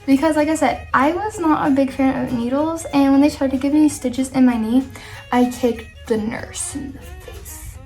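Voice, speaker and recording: At a normal speed and in a high voice, a storytime vlogger chats while applying her makeup. Her telling is rambling and animated, sprinkled with frequent laughter and side comments, with soft music underneath.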